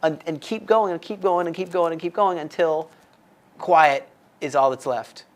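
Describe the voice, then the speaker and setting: Lively storyteller from the US. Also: mid-range voice, moderate pace. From United States. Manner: animated storyteller acting out quoted voices, laughing often. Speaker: storyteller on a faith podcast. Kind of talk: casual chat.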